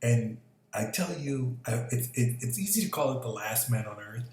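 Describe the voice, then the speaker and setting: A man's voice: mid-range voice, expressive, moderate pace, a little mellow. A man rambling casually in a vlog, swearing freely and chuckling at his own ideas. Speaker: vlogger. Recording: echoey room with faint background noise.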